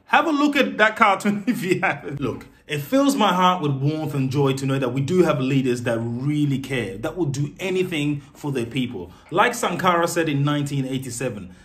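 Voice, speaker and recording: A man giving animated, sarcastic political commentary as a vlogger. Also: a little high, moderate pace, few pauses.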